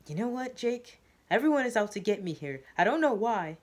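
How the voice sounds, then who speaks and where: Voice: big pitch swings, a little fast, lightly acted. A reader voicing a jumpy paranoid patient. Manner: shouting, jumpy, pitch flying high. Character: agitated paranoid male psychiatric patient. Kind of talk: reading a story aloud.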